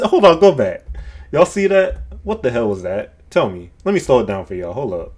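A man giving casual, excitable, slang-filled reaction commentary to a music video, often laughing. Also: mid-range voice, normal speed. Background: music track playing.

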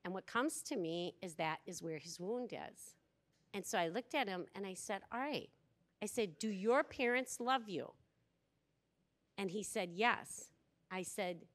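A woman's voice: lowish voice, measured pace. A woman giving a conference workshop talk to an audience, telling stories and acting out the quoted lines of people in them. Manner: animated storyteller, acts out quoted dialogue. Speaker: workshop speaker. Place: conference room before an audience.

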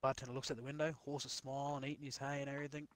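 A man's voice: mid-range voice, level tone, racing, no room sound. A man telling a crude joke over voice chat while gaming, rambling and swearing freely.

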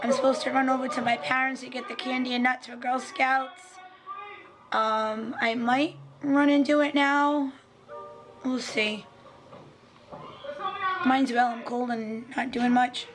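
A woman with a slightly hoarse voice, chatting casually to a handheld camera in a family vlog. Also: high-pitched, steady tone, a little slow, pauses often, music in the background. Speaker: family vlogger.

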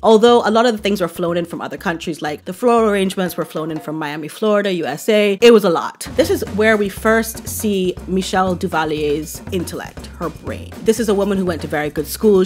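A woman from Barbados hosting a casual commentary vlog, chatty and gushing, with playful asides. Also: medium pitch. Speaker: commentary channel host.

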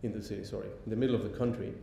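Male lecturer, hesitant delivery, dark tone; echoey hall recording. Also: level tone, creaky. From Mexico. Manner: halting, many ums and restarts. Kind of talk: public lecture. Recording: echoey hall, faint rumble.

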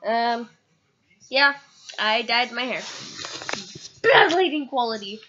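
A teenage girl vlogger rambles and giggles through a casual home video, chatty and poking fun at herself as she moves in and around the kitchen. Her voice sits on the high side, animated yet slow, with a sharp tone. The lo-fi recording sounds dull and carries faint noise.

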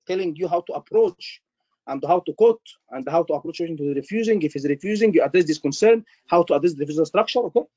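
A male tutor with a notably high voice talks to his class over a video call. The sound is dry and a little dull. He is animated, repeats himself and keeps checking that students follow. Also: quick pace, no echo. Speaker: medical exam tutor. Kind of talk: online class teaching.

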